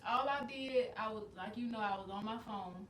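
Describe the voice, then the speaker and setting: A woman co-hosting a casual podcast, telling stories in a relaxed, rambling way. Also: mid-range voice, moderate pace. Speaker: podcast co-host. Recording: roomy, distant mic with faint noise.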